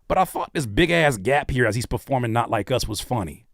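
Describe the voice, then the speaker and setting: A man giving casual, joking reaction commentary as a YouTube host, animated and often dropping into quiet asides. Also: mid-range voice, a little fast, creaky, no echo, studio quality.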